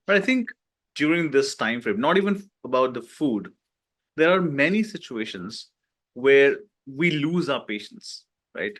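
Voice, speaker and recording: A man's voice: mid-range voice, expressive, unhurried, fairly bright tone. A man hosting a podcast interview, asking questions and often checking in with "right?". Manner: asks questions, adds frequent "right?". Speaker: podcast host.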